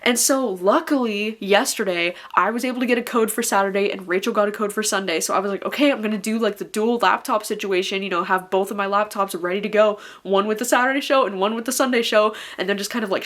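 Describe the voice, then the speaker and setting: A woman's voice: medium pitch, a bit bright. A young woman talking casually to camera as a vlogger, chatty, swearing freely and saying "like" constantly. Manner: chatty, swears a lot, many filler "likes".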